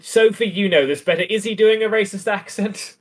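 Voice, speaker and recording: A man's voice: sits high, brisk. A man co-hosting a podcast, casually and wryly analyzing a comic adaptation. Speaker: podcast co-host.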